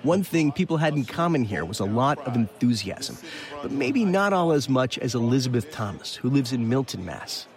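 A man reporting a scripted news feature on public radio in a measured, clear delivery. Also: medium pitch, sing-song, crowd noise.

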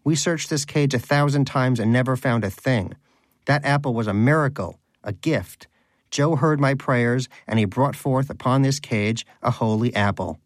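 A man's voice: mid-range voice, moderate pace, no echo, studio quality, natural voice. A man voicing a pious, hungry male pet hamster who preaches with earnest indignation. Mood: indignant.

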